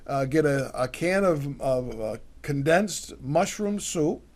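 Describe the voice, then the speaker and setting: A man's voice: on the high side, animated, slow pace. Older man rambling about family recipes. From United States. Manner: rambling, lots of fillers and restarts. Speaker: cooking show co-host. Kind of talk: casual chat.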